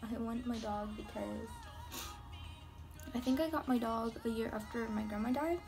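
A woman's voice: on the high side, steady tone, normal speed. A young woman chatting candidly and rambling while doing her makeup for a vlog. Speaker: beauty vlogger. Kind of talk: casual get-ready-with-me chat. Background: music.

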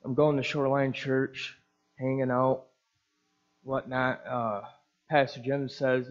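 A man's voice: mid-range voice, level tone, slow pace, pauses often, dull audio. A male pastor giving an earnest testimony sermon, telling his story and acting out the voices of the people in it.

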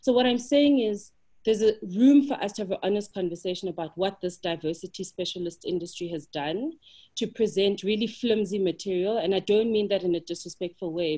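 A woman's voice: mid-range voice, mellow. A South African woman speaking as a panelist in a webinar discussion, impassioned and emphatic, building her points with rhetorical questions over a video call.

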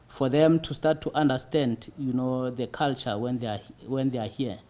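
A man, a city tourism official answering interview questions in a halting way, often pausing on fillers. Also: mid-range voice, steady tone, warm tone. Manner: halting, frequent "you see" fillers.

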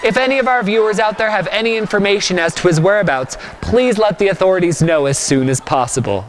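A man's voice: high voice, expressive, fast talker. A young man playing a brash mocking talk show host. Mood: showy. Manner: showy, mocking, announcer-like. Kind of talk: sketch comedy acting.

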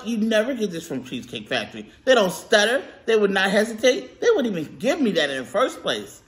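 A woman vlogger from California telling a story to camera while eating, animated and laughing often as she quotes herself. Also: medium pitch, brisk, hardly any pauses. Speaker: mukbang vlogger.

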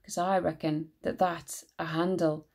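A woman voicing an excitable young traveller boy who talks eagerly and insistently in dialect. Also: on the low side, a little slow. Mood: excited.

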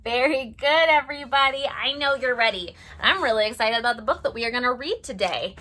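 A young woman leading a preschool story time as a librarian, animated and sing-song, gasping in mock surprise. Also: fairly high pitch, brisk. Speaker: children's librarian.

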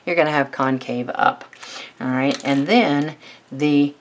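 Woman math instructor, low pitch, steady explainer for a tutorial. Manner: steady, fills pauses with "all right". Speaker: math teacher.

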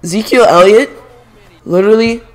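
A young gaming streamer with a high voice speaks at a moderate pace, chatting casually during a video game. His sports commentary is animated and full of opinions.

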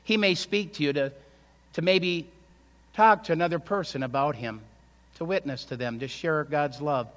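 A pastor preaches in a conversational way, often turning to rhetorical questions. His voice sits somewhat high for a man. The sound carries a long reverb from the church hall. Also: moderate pace, a bit bright. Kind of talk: sermon. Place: church sanctuary.

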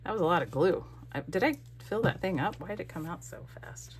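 A woman's voice: on the low side, expressive, brisk, a little hiss or hum. A woman chatting casually while gluing a scrapbook, rambling and breaking off mid-sentence as she works on her own craft channel. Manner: chatty, rambling, self-interrupting.

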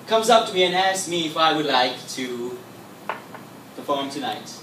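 Sri Lankan-accented young male magician, chatty showman, slightly high voice, echoey room, mic far off. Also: lively intonation, moderate pace, a bit bright, a little hiss or hum. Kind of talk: stand-up stage patter. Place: comedy club stage.

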